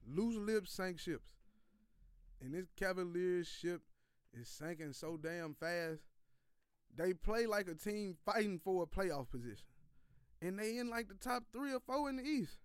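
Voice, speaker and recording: A man with a fairly high, smooth and clear voice runs through a casual sports rant. He is loose and profane, full of slang, and keeps repeating his points. The sound is close and dry, with no room echo. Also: animated, unhurried. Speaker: sports podcast host. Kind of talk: casual sports commentary monologue.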